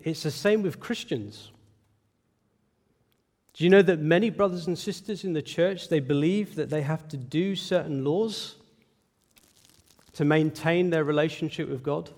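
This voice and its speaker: Male pastor, slightly high voice, earnest emphatic sermon, long reverb of a large hall. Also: darkish tone. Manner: earnest, emphatic preaching with rhetorical questions.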